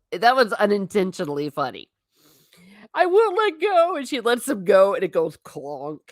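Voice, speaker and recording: Her voice lowish and the studio sound free of any room noise, a thirties-aged woman runs a livestream and responds to chat. The talk is casual and full of feeling, with frequent laughter and constant self-interruptions.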